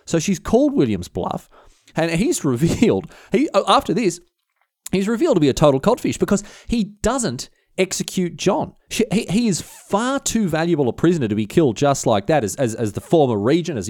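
A man's voice: medium pitch, darkish tone, no echo, studio quality. A man, hosting a history podcast, telling the story in an irreverent, slangy way with casual swearing.

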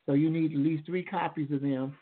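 A man's voice: fairly high pitch, steady tone, fairly quick, husky. A man calling in to a radio talk show, explaining at length in a rambling, lecturing way with many restarts. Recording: tinny phone line.

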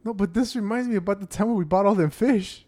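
A man's voice: high-pitched, fast talker, dark tone. A man in a casual chat, asking laid-back questions and recalling things.

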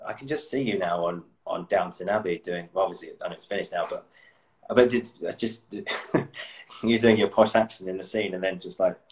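Deep-voiced man chatting. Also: moderate pace, slight background noise, poor audio. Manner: chatty, laughs often, restarts sentences. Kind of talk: casual chat.

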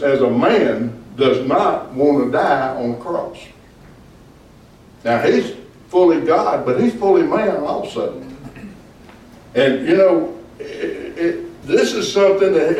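A male pastor teaching a Bible study, his voice a touch higher than most men's. He preaches emphatically and keeps calling on the group for "Amen?" replies. The sound is very echoey and picked up from far off. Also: a little mellow. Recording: echoey room, far from mic.

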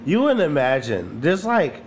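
A man's voice: a little high, huge pitch swings, unhurried, a little hiss or hum. A man co-hosting a podcast, telling rambling stories in casual, profane slang. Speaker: podcast co-host. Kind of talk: casual chat.

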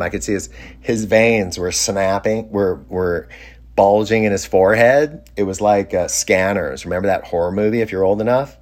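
A man's voice: on the low side, normal speed. Amused, rambling middle-aged man. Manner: rambling, self-interrupting, amused. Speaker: storyteller. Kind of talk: casual anecdote.

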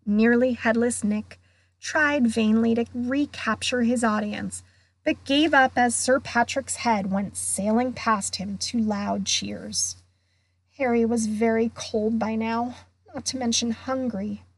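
Woman reading a kids book out loud, slow and kinda breathy, dry close mic. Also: a little high. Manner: slow, expressive. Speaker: guest reader. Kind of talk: storybook reading aloud.

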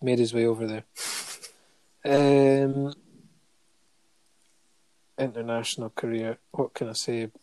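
A man's voice: mid-range voice, level tone, takes it slowly, long pauses, warm tone, no room sound. A man in casual podcast chat, reading out a long list of honours with frequent ums and light chuckles. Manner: listing facts steadily with many ums and chuckles.

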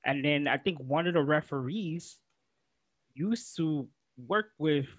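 A man's voice: on the high side, slow pace, no echo. A man co-hosting a casual wrestling podcast, rambling and calling his friend "bro" as he retells his reactions. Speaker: podcast co-host.

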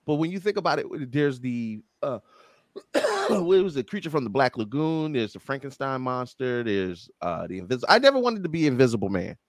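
Lively joking man in casual chat. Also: mid-range voice, normal speed, dry recording, clean studio sound. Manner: animated, joking, profane.

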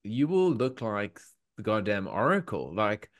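An Australian man in a casual podcast chat, talking in an animated, emphatic way. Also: on the low side, a little slow.

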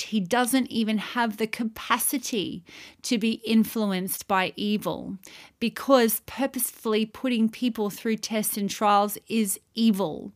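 A woman's voice: on the high side, unhurried. A woman teaching on scripture in a Q&A episode, reading verses aloud and stressing repeated words with emphasis. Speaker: Bible teacher.

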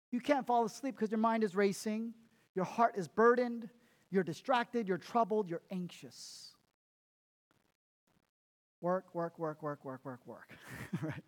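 A man preaching a sermon as pastor, emphatic, repeating words and laughing at himself. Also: high voice.

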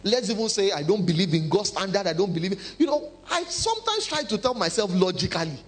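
A man preaching a sermon, animated and humorous, acting out quotes. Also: high-pitched, quick pace. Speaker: pastor.

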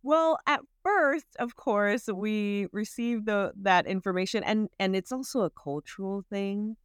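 Animated woman podcast guest, smooth voice. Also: mid-range voice, measured pace, no echo, studio quality. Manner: animated, laughs often, acts out her own inner voice. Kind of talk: casual interview chat.

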